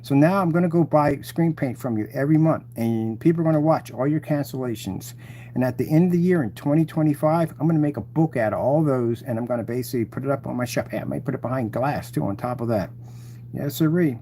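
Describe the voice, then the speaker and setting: Gloating man with a mellow voice. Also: medium pitch, fast talker, slight background noise. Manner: mocking, gloating and taunting. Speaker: channel host taunting rivals. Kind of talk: rambling live-stream rant.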